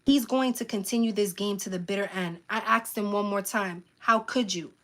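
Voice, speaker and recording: A woman hosting a live stream, reading a memoir aloud with frequent stumbles and self-corrections, pausing to plead with her viewers. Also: medium pitch, a bit bright. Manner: earnest pleas to viewers, frequent "um". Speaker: channel host reading a book aloud.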